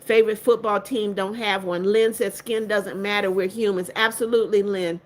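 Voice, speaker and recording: A woman's voice: medium pitch, fairly even intonation, normal speed. An older woman hosting a casual livestream, reading viewer comments aloud one by one and answering each with motherly greetings and blessings, firm with rude viewers. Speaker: livestream host.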